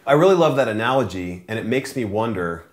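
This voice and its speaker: A man's voice: on the low side, lively intonation, quick pace, echoey room. A man interviewing a guest in casual chat, agreeable and reflective.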